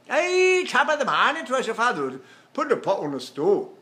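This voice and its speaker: A man's voice: very high-pitched, wildly swooping pitch, moderate pace, bright, forceful tone, voice pushed up, heavily acted. An older man doing a hearty Irish old-timer.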